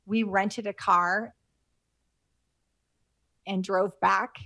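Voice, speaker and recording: A middle-aged woman telling stories in an interview, rambling with plenty of fillers and false starts. She is close to tears while she speaks. Her voice sits at a middle pitch and sounds dry and close, with no room echo. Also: normal speed. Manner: rambling, many fillers and restarts. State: moved to tears. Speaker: guest. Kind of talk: casual interview talk.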